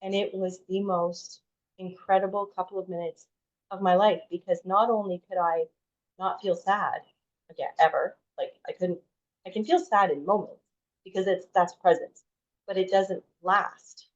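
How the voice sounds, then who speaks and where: A woman's voice: lowish voice, fairly even intonation, moderate pace. A woman in her forties, a podcast guest telling a personal story in a chatty way, full of "like" and restarts. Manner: chatty, heavy use of "like", frequent restarts. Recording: dull lo-fi audio.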